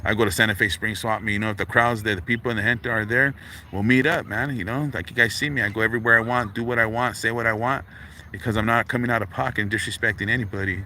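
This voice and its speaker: A man's voice: lowish voice, steady tone, fast, sharp tone. A middle-aged man, talking casually on a livestream in street slang and filling his lines with man and dog. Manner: laid-back street slang, constant fillers like man and dog. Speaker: livestream host. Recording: faint background noise.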